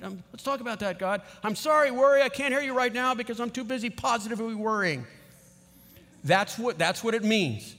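A middle-aged man preaching a sermon in a conversational, animated way, asking the audience questions. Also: high-pitched. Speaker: pastor. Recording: long reverb of a large hall.

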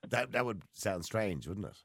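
A man's voice: on the low side, animated, moderate pace, vocal fry, fairly bright tone, husky, no room sound, studio quality. A man hosting a radio chat, jokey and laughing easily. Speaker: radio host.

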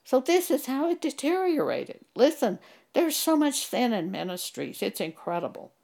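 A woman's voice: sits high, big pitch swings, normal speed, gravelly, a little mellow. An older woman giving an earnest, emphatic Bible teaching, quoting scripture and telling of her own church experiences.

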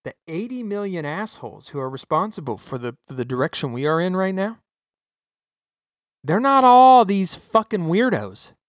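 A male podcast host on a profane political rant, his pitch swinging widely as he hammers his points home. He sounds close and dry on his microphone, with no room sound. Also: moderate pace, dry recording. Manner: swearing, ranting, animated and emphatic.

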